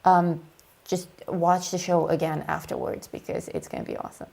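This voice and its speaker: A woman's voice: deep voice, sing-song, vocal fry, a little mellow. A woman hosting a casual art live stream, giggling and trading playful jokes. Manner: giggly, playful, quick with puns. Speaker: artist and show host.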